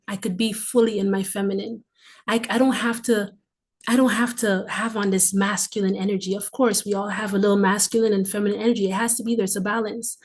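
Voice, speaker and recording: A woman in her forties speaks with fervent, emphatic conviction, repeating her phrases to drive them home. Her heartfelt testimony mixes breathy emotional asides with bursts of warmth. Her voice sits at an ordinary middle pitch for a woman. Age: 40s. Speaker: livestream host.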